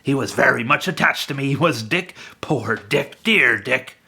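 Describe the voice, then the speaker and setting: A man's voice: medium pitch, animated, a little slow, creaky, pushed and bright, husky, full character voice. A man voicing an elderly miserly man looking back on his youth, in a wistful way. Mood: excited.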